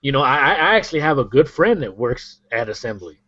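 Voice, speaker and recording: A man's voice: mid-range voice, big pitch swings, brisk, fairly bright tone. Rambling man telling a story on a podcast. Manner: rambling, many restarts, casual swearing. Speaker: podcast co-host. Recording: dry, dull lo-fi audio.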